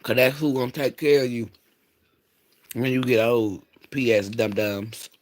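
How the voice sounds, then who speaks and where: A man chats on his own livestream, speaking into a streaming mic. He rambles from thought to thought, blunt and profane, in a voice of ordinary pitch for a man. It's loose, unscripted chat. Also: steady tone, moderate pace. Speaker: livestream host.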